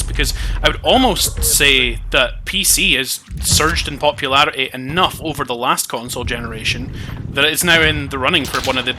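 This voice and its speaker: Male co-host, animated, swears, game noise underneath. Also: fairly high pitch. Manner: animated, swearing, stumbling restarts. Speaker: podcast co-host. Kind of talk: casual chat about games and tech. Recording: gaming audio noise behind. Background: clicks and gunfire from a game.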